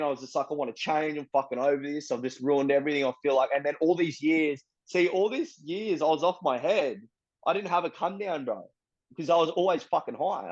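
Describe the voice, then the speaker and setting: A man's voice: fairly high pitch, darkish tone, lo-fi sound. An Australian man telling his story bluntly and candidly, swearing often and filling in with "bro" and "you know what I mean". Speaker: interviewee.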